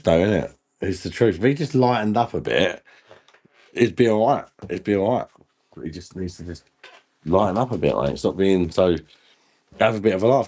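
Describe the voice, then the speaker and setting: A man's voice: fairly low pitch, darkish tone. A man hosting a casual live stream, laughing often and bantering with viewers in the chat while he drinks.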